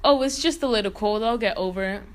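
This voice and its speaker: A woman's voice: medium pitch, quick pace, natural voice. A woman voicing Dmitri as a carefree twelve-year-old boy in a goofy, playful comic delivery. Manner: goofy, then dramatic comic panic.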